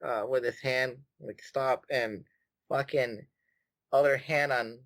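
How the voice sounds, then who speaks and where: A man's voice: medium pitch, takes it slowly, no echo. A man with a mid-range voice tells an anecdote on a podcast, acting out the other people's lines and swearing freely. The recording is close and dry. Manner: animated storyteller, swears a lot, acts out quotes. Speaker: podcast co-host. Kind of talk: casual chat.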